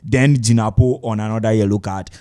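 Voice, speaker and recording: Radio match analyst, a man with a low, dark voice, measured and hesitant. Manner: hesitant, many fillers, steady analytic talk, soft laughs.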